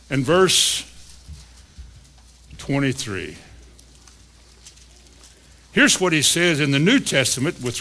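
A man's voice: mid-range voice, fairly bright tone. A man preaching a sermon, asking his listeners questions and voicing an inner dialogue. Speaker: pastor.

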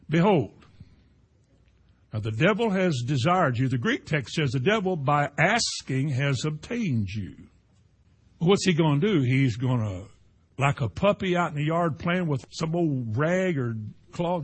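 Husky-voiced preacher with a lifted pitch. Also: male voice. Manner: conversational preaching, swings between emphatic and hushed. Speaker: pastor. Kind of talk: sermon.

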